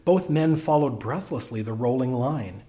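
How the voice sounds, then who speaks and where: A man narrates a humorous story aloud. His delivery is wry and expressive, and his pitch moves animatedly through each sentence. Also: moderate pace. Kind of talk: storybook reading.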